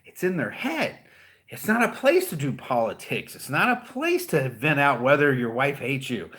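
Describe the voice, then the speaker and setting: A man's voice: medium pitch, very animated, normal speed, a bit bright. A middle-aged man with a Southern American accent, giving blunt, joking motivational advice to car salesmen. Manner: blunt, profane, joking, rambling. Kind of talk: casual motivational livestream talk.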